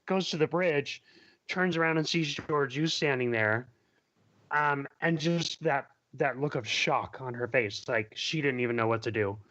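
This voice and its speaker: A man's voice: medium pitch, bright, forceful tone, no echo, highs cut off. A man who is a guest on a fan podcast, chatting eagerly and chiming in agreeably. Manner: eager, agreeable, quick to chime in. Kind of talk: casual chat.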